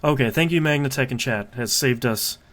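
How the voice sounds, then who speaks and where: A man hosting a video game podcast in casual chat, relaxed and chatty, with lots of "uh" fillers as he talks. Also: medium pitch, fairly quick. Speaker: podcast host.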